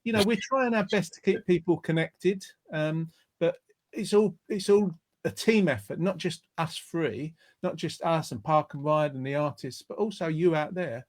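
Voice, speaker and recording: A man with a fairly high voice and moderate pace runs a casual live stream via video call. He reads viewer comments aloud in a loose, meandering way, often starting his sentences over.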